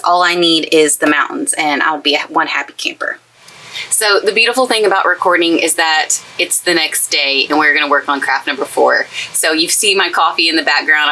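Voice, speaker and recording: A woman with an East Texas accent talks her way through a craft project, bright and crisp in tone, her pitch sitting a little low. She gushes happily and chats as she works with her hands. A faint hiss of room noise sits under her voice in the trailer craft space. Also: low-quality recording. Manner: chatty and gushing, talks while working with her hands. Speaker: craft YouTuber. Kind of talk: casual crafting tutorial chat. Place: craft space inside a toy hauler trailer.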